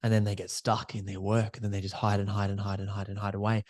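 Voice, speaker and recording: Low-voiced male podcast host, dry sound. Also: dry recording. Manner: relaxed, chatty, with quick laughs. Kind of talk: casual podcast chat.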